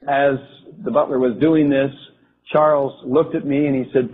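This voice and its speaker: A man telling a first-person account of a vision, halting and restarting as he goes. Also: medium pitch, little pitch movement, husky. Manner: halting, with frequent restarts and fillers. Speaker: storyteller recounting a religious vision. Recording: tinny phone-like lo-fi recording.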